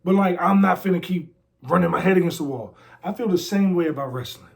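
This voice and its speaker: A former pro wrestler talks casually as an interview guest in a house, brash and boastful, full of slang and trash talk. His creaky voice sits high and runs a little fast.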